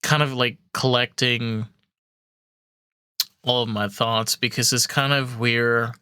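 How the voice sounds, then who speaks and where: Bright-voiced young man telling stories. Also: medium pitch, takes it slowly, smooth, no room sound, studio quality. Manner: animated storyteller, swears freely, many fillers. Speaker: podcast host. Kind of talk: casual podcast chat.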